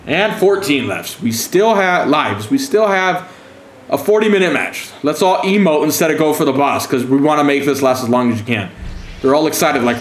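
A man's voice: medium pitch, a little fast, echoey room, a little hiss or hum. A man giving profane, sarcastic commentary while streaming a game, taunting opponents with mock-scared calls. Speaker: gaming streamer.

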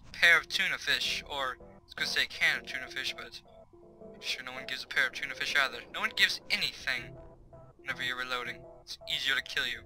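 A man's voice: mid-range voice, quick pace, bright, forceful tone, soft background music, low-quality recording. A young man giving casual, chatty let's-play commentary from his bedroom, reading on-screen tips aloud. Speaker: gaming YouTuber. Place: home bedroom.

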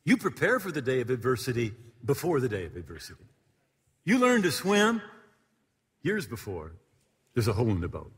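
A man's voice: mid-range voice, huge pitch swings, moderate pace, long pauses, fairly bright tone, slightly rough. A middle-aged male pastor telling a story in a sermon to his congregation, acting out the voices of the people in it. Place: church sanctuary before a congregation. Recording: long hall reverb.

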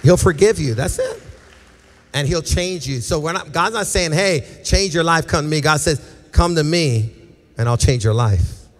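A male pastor preaching a passionate sermon and altar call, pleading with his listeners and acting out their voices. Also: medium pitch. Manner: passionate, repetitive exhortation with acted quotes. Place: large church sanctuary. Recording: reverberant church hall with music.

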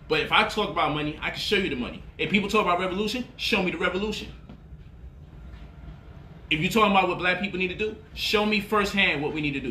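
A man hosting a lively talk about money, boasting, laughing and swearing freely, and mocking his critics in quoted voices. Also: fairly high pitch, roomy sound, a little hiss or hum. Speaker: host. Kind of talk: animated livestream talk.

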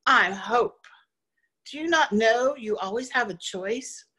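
A woman's voice: fairly high pitch, slow, slightly rough, full character voice. A woman voicing Hope, a mighty yet affectionate female spirit, in a poem recited at a service. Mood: mighty, tender. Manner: forceful yet tender.

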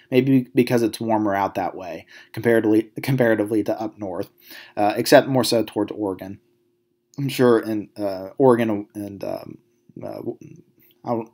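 A man's voice: on the low side, darkish tone. A man with a Southern American accent, a psychology instructor giving a recorded lecture over slides, speaking in a conversational way with many fillers and restarts. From Southern United States.

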